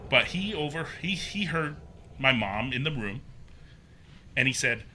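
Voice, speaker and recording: A man guest on a podcast, telling a personal story in a casual, animated way, acting out the voices he quotes and using plenty of fillers. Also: medium pitch, unhurried, slight background noise. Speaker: podcast guest, haunted maze builder.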